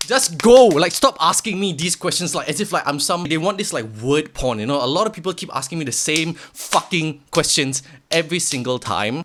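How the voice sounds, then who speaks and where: A young man giving a blunt, profane motivational rant to the camera, swinging from quiet to shouting. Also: on the high side, expressive, moderate pace. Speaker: vlogger.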